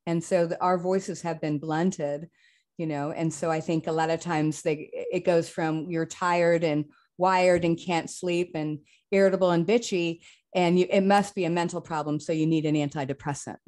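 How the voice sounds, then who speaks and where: A woman hosting a podcast, chatting frankly and telling lively personal stories. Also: on the low side, normal speed. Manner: frank, animated storyteller. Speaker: podcast host. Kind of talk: casual podcast conversation.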